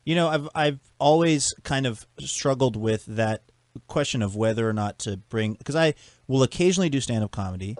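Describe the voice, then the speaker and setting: A man hosting a podcast, asking casual questions in a halting way and restarting often. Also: medium pitch, expressive, no room sound. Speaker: podcast host. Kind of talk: casual interview chat.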